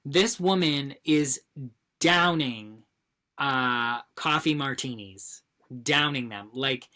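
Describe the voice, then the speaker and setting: Podcast co-host, woman, deep voice, chatty storyteller. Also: takes it slowly. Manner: animated storyteller, breaks into laughter. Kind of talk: casual chat, storytelling.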